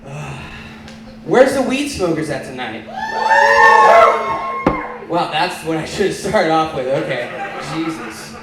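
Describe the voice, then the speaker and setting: A man's voice: on the high side, lively intonation, takes it slowly, long pauses. A man from Oklahoma doing stand-up comedy in a small bar, bantering loosely with the crowd. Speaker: stand-up comic. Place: small bar lounge stage. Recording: echoey bar room, audience noise.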